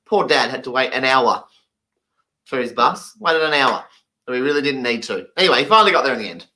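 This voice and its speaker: A man voicing a deaf comedian's stand-up story, animated and acting out the people he quotes. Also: medium pitch, a little fast, poor audio.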